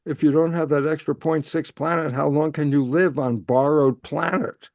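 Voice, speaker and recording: A man speaking as an interview guest, explaining in an animated way and answering his own rhetorical questions. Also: fairly high pitch, normal speed, dry recording, studio quality.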